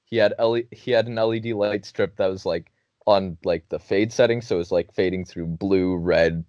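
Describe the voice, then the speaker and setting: A man's voice: low-pitched, moderate pace, dry recording, highs cut off. A young man hosting a podcast, telling a funny story casually, cursing often and laughing as he goes. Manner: laughing, profane, animated storytelling. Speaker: podcast host.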